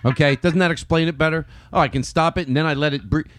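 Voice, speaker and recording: A man's voice: fairly high pitch, fairly even intonation, fast talker, a little hiss or hum. A man hosting a podcast in casual chat, playful and laughing easily as he directs the bit. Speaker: podcast host.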